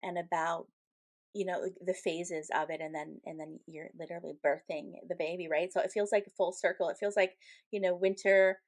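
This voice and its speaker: A woman's voice: fairly low pitch, steady tone, brisk. A woman in her thirties co-hosting a spiritual podcast, chatting casually and telling stories with frequent fillers and laughs. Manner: chatty storyteller, laughs often, many fillers. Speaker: podcast co-host, medium. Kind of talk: casual chat.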